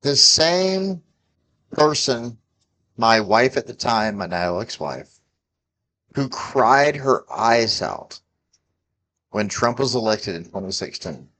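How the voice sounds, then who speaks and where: A man's voice: mid-range voice, sing-song, slow, pauses often, pushed and bright, slight background noise. A man in his forties ranting about politics, heated and profane, scolding his listeners. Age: 40s. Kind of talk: angry political rant to camera.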